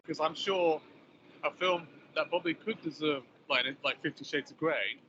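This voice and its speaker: A man's voice: fairly high pitch, normal speed, highs cut off, background noise. A man co-hosting a casual chat, rambling and hedging as he talks. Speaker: podcast co-host.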